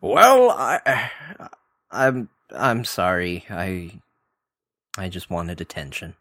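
A man's voice: low voice, big pitch swings, takes it slowly, pushed and bright, no room sound, studio quality, exaggerated voice. A man playing a meek male impostor in a comic sketch, hesitant and flustered. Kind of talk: comedic phone-in sketch.

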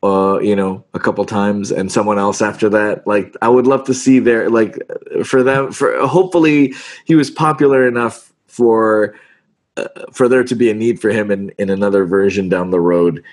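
A middle-aged man, a voice actor, telling stories in a casual interview in an animated, self-deprecating way and acting out the lines he quotes. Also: fairly low pitch, normal speed. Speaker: voice actor guest.

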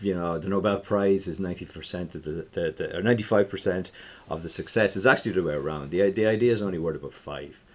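A middle-aged Irish man, a tech entrepreneur, chatting in an interview, rambling with many restarts and trailing off quietly. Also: deep voice. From Ireland. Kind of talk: casual interview chat.

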